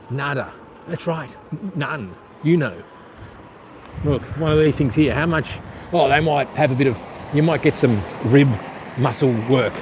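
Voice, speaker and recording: An Australian man riding an e-bike along the coast, talking to his live stream in a rambling, blunt way and swearing casually as he goes. His voice sits at an ordinary middle pitch. Outdoor wind and traffic noise runs clearly under him. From eastern Australia. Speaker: vlogger.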